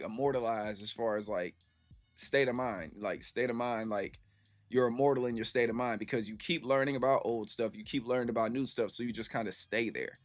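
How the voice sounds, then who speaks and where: A man's voice: medium pitch, dry recording. A man in his thirties streaming and answering his chat in a rambling, slangy storytelling way full of fillers. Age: 30s. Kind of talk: casual livestream chat.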